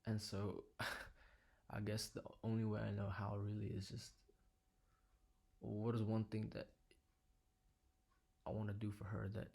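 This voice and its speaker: Young male vlogger, quiet and sincere, low gravelly delivery, flat and even in tone. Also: measured pace, pauses often. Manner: quiet, low-key and earnest, sometimes dropping to a whisper. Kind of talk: reflective personal vlog. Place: living room at home.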